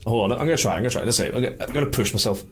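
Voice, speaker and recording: A man's voice: medium pitch, very fast. A man narrating as game master for a tabletop game, rambling and self-deprecating.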